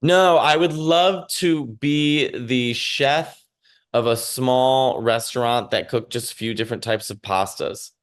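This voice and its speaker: A man's voice: mid-range voice, slow pace, clear, resonant tone. Man, Chicago accent, stand-up comic guest, conversational and rambling, remote call from home. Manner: rambling and conversational, many fillers and restarts. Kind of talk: casual interview chat.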